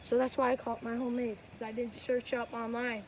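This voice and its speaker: Chatty woman demoing pitches outdoors. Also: flat delivery, fast, background noise. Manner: rambling, chatty, self-correcting. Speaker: wiffleball player and channel host. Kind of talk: casual how-to vlog. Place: outdoors on a windy day. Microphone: phone camera.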